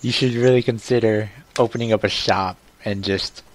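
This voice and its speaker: A man's voice: fairly low pitch, fairly even intonation, normal speed, rough recording. A young man co-hosting a casual gaming chat, laid-back, laughing often and giving short replies. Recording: faint music behind the voice.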